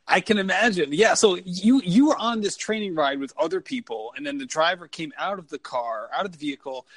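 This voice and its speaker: A man's voice: sits high, expressive, a little fast. A male podcast host asking curious questions, several at once. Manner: curious, asks stacked questions. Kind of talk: interview questions.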